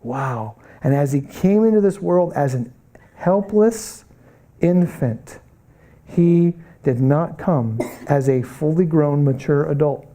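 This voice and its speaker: A man's voice: fairly high pitch, expressive, slow pace, dark tone. A middle-aged man teaching a Bible college missions class, preaching earnestly with rhetorical questions and bursts of urgency. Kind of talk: classroom lecture.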